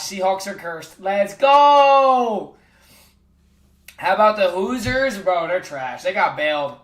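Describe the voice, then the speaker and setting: A man's voice: sits high, fairly bright tone, echoey room. A man livestreaming, trash-talking sports picks in casual chat with his viewers and calling everyone bro.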